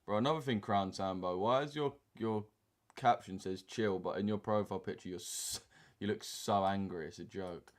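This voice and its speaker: A man's voice: fairly low pitch, normal speed. A young man, hosting a trading live stream and chatting casually with viewers in slang while reading the chat aloud. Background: keyboard typing and mouse clicks.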